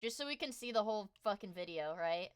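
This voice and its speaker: A young adult woman streamer chatting casually while reacting to videos, playful and loud, swearing and often shouting. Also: medium pitch, animated, quick pace, clean tone.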